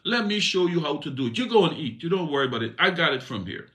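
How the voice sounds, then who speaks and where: A man's voice: sing-song, fast talker, pushed and bright. A man voicing a domineering queen who scolds and mocks her sulking husband. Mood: bossy. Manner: shrill, mocking, bossy.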